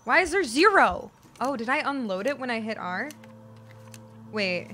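A woman's voice: fairly high pitch, sing-song, normal speed. A young woman streaming a horror game, chatting with viewers and yelping and swearing when startled. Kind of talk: live gaming commentary. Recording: loud game music behind.

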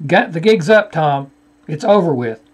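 A man's voice: a little high, expressive, normal speed, slightly rough. A man teaching from a shared screen, arguing a scripture point and addressing his opponent directly. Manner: argumentative, repeatedly addressing an opponent by name. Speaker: Bible teacher. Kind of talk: screen-share Bible study rebuttal.

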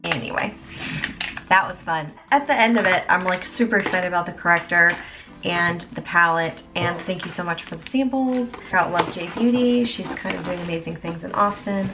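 A young woman chatting casually as a beauty vlogger, bubbly and quick to exclaim. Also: lowish voice, music in the background. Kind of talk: casual chat.

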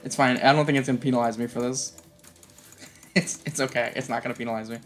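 A woman commenting on a story game as she plays, reading its dialogue aloud and swearing and yelling in frustration. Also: very deep voice, steady tone, fast, soft background music. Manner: swears freely and yells in frustration; reads the game's dialogue lines aloud. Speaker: gamer playing through a story game. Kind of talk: let's play commentary.

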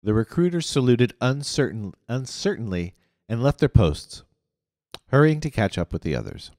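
A man narrating an audiobook in an expressive reading. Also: medium pitch, normal speed, no echo, clean studio sound, in a large hall. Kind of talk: scripted narration.

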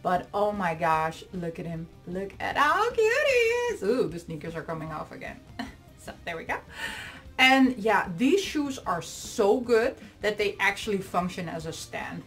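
A woman's voice: on the low side, fairly bright tone. A woman vlogger unboxing and reviewing dolls in casual chat, gushing, squealing and giggling over every item.

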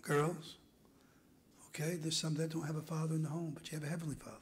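A man preaching a sermon in a church, swinging from near-whispered lines to loud, hoarse shouting. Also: on the high side, level tone, fast talker, low-quality recording. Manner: builds from hushed murmurs to hoarse shouting. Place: church sanctuary.

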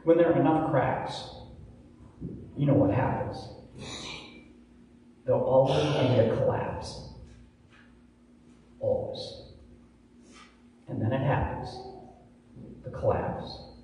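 A man preaching a sermon as pastor, slow and emphatic with dramatic pauses, dropping to a hush for key words. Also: mid-range voice, slight background noise. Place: large church sanctuary. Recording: echoey church from far off.

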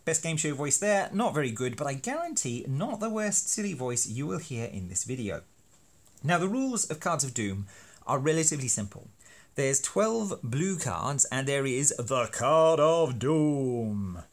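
A man's voice: medium pitch, sing-song, moderate pace. A man explaining a teaching card game in a playful, self-deprecating, hammy way. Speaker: university lecturer making teaching videos. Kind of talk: educational explainer.

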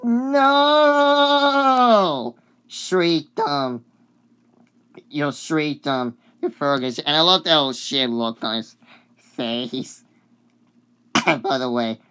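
Slow, smooth-voiced sick vlogger, coughing. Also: medium pitch, bright, forceful tone. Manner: rambling and hesitant, full of fillers; apologetic. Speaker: video uploader. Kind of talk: casual chat about a cartoon song.

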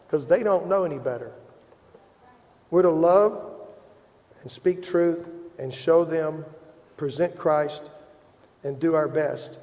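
A man's voice: a little high, warm tone. A man with a Midwestern American accent preaching a sermon as pastor, earnest and self-deprecating, rising in emphasis as he presses a point. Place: church sanctuary. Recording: long hall reverb.

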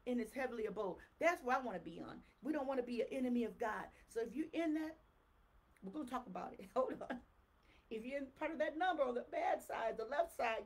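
A woman preacher reading scripture slowly and solemnly, breaking into lively exclamations and asides to her congregation. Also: on the high side.

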